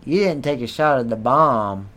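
A man's voice: medium pitch, lively intonation, moderate pace, a bit bright. A man hosting a podcast, rambling in crude, profane comedic banter and laughing often. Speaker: podcast host.

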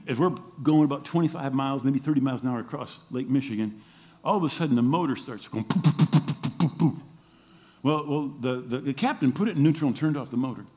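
Middle-aged man, pastor giving a sermon, lively swooping delivery, acts out the people in his stories. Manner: animated storytelling, acts out quoted voices with big pitch jumps.

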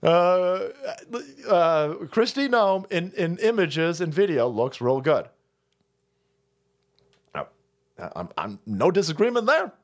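A male livestream host rants with a sarcastic, foul-mouthed edge. His voice sits a bit high for a man and swings widely in pitch as he jabs at his points. He breaks into laughter now and then. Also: very animated, slow pace, pauses often. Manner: profane, sarcastic, laughs often. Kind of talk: casual political rant.

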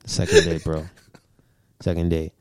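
A podcast guest, a man with a lowish voice, tells stories in relaxed, slangy chat and laughs often. The recording is dry and close, with no room sound. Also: measured pace, clean tone, no echo. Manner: laid-back storytelling, laughing often, slangy. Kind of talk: casual chat.

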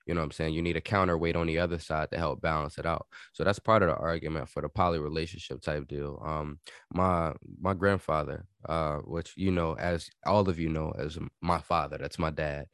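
A man's voice: extremely low pitch, steady tone, fairly quick, fairly bright tone, clear, resonant tone, dry recording, studio quality. A man in his thirties in casual podcast chat, opinionated and emphatic, jumping in with questions.

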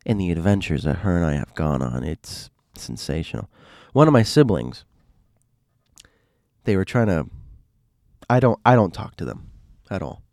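Male storyteller, low voice, rambling and animated, dry close recording. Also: normal speed, creaky, dry recording. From Miami. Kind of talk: casual storytelling monologue.

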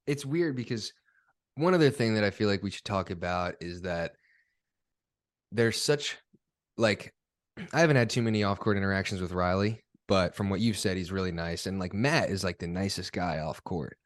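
Young man, podcast host, low voice, dry close sound, casual rambling chat. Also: moderate pace, dry recording. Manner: relaxed, rambling, self-deprecating.

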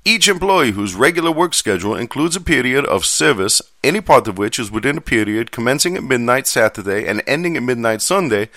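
A man's voice: fairly high pitch, big pitch swings, slow pace, pushed and bright, no echo, pitched above the performer's own voice, exaggerated voice. A man putting on a foreign accent to read out dry legal text in a careful, stilted way. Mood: earnest.

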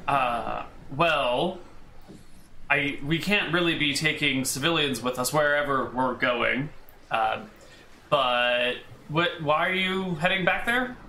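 A man's voice: fairly high pitch, slow, bright, forceful tone, slight background noise, heavily acted. A man voicing a nervous, stressed junior male officer who stammers. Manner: stammering, flustered. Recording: roomy echo.

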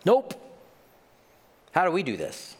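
A male pastor delivering a sermon with a very lively, swinging pitch. He acts out the people he quotes. His voice carries a long reverb, as if he is preaching in a big hall. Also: slow pace.

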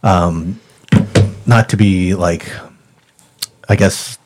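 Man from Kansas, co-host, fairly low voice, hesitant and filler-heavy. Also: steady tone, drawn-out words, background noise. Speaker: podcast co-host. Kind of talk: casual chat.

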